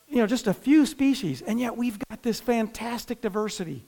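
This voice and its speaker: A man's voice: extremely high pitch, animated, brisk, gravelly, few pauses, mellow. A man from northern Indiana, a pastor, preaching a conversational sermon in a church and talking directly to the congregation. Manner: conversational preaching, frequent restarts and asides to the congregation.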